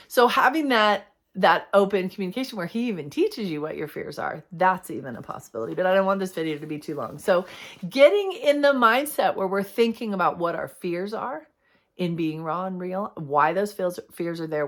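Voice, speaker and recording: Earnest woman giving a heartfelt devotional talk. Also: deep voice. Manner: heartfelt, candid, acts out her prayers. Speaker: Christian video host.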